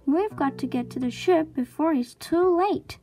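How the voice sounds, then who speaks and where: A woman's voice: sits high, unhurried, warm tone, pitched above the performer's own voice. Whiny storybook pirate deckhand, complaining in a raised, pinched voice, as a woman reads him. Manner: whining, complaining. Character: whiny male pirate crewman.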